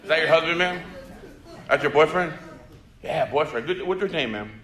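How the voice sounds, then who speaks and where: High-voiced comedian teasing the crowd. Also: male voice, expressive, moderate pace, fairly bright tone. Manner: teasing, chatty, talks to the audience. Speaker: stand-up comedian. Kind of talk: stand-up crowd work. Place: comedy club stage. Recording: echoey live venue with crowd.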